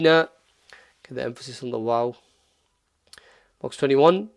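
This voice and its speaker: A man's voice: mid-range voice, creaky, no echo. Patient man teaching recitation, dry close sound. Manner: patient, repeats sounds slowly to demonstrate. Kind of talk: relaxed tutorial, modelling Arabic phrases slowly.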